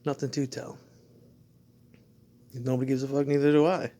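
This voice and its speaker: A man on a profane, defiant rant at unseen people, mocking them and laughing between lines, swinging from loud outbursts to muttered whispers. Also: mid-range voice, flat delivery, moderate pace. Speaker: drummer.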